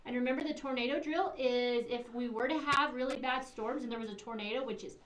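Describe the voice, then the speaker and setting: A woman's voice: fairly high pitch, fairly quick. A middle-aged woman giving morning announcements to schoolchildren in a sing-song, teacherly way. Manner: sing-song teacherly, acts out kids' lines. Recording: echoey room, far from mic, faint hiss.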